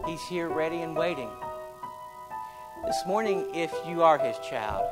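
A man preaching a folksy sermon, building to loud, emphatic stretches. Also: a little high, rough recording. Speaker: pastor.

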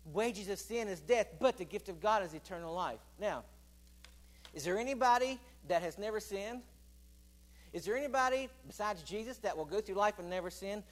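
High-voiced preacher swinging loud to soft. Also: male voice, expressive, moderate pace. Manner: swings between loud emphatic declarations and quiet, low asides; asks the congregation questions and calls for responses. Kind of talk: sermon.

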